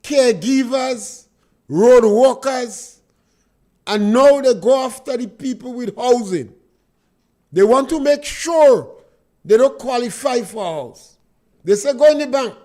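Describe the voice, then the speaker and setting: A man's voice: very high voice, animated, slow pace, pauses often, mellow. A man with a Grenadian accent hosting a call-in political talk radio show in a studio, speaking emphatically and asking rhetorical questions.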